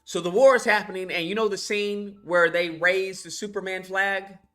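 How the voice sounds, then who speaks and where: A man's voice: sits high, fairly even intonation, normal speed, pushed and bright, faint music behind. A man casually recapping a movie in a rambling, crude rant full of fillers. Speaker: movie reviewer. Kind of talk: casual ranting film recap.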